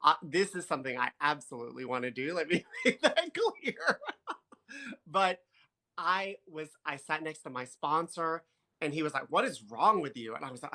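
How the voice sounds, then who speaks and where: A bright, clear-toned man chats on a phone live stream. He talks casually, laughs often and reads viewer comments aloud. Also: on the high side.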